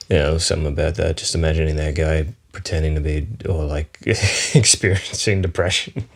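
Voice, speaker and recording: A man's voice: very deep voice, steady tone, a little fast, few pauses. An Australian man hosting a solo comedy podcast, rambling and swearing freely. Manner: rambling, profane, chuckling often. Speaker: podcast host.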